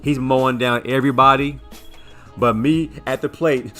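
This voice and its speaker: Bright-voiced man telling a story. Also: medium pitch, normal speed, soft background music. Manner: rambling, animated, repeats words while recounting. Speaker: sports show co-host. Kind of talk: casual storytelling chat.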